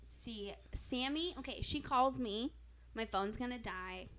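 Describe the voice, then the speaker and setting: High, bright young woman gossiping. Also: unhurried. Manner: excitable, laughing, swearing storyteller. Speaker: podcast co-host. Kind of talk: casual chat.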